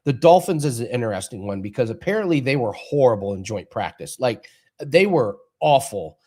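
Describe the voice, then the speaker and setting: Male betting show co-host, casual, rambles through anecdotes, mid-pitched, easygoing. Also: lively intonation, fairly quick, dark tone. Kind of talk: casual chat and betting analysis.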